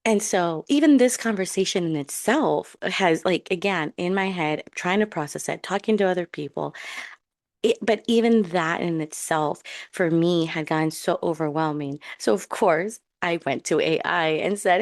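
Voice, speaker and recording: A woman with a low voice hosts her own podcast, talking casually and thinking out loud. She restarts sentences and corrects herself as she goes. The sound is dry and close, with no room around it. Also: expressive, moderate pace, no room sound. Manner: rambling, self-correcting, candid. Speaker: podcast host. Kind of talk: casual solo podcast talk. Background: dog on her lap.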